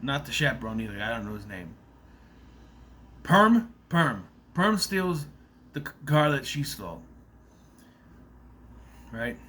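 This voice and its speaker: Lively, bright-voiced man recapping a movie. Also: mid-range voice, slow pace, pauses often, slight background noise. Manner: rambling, loose, swears freely. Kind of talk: casual spoken movie recap.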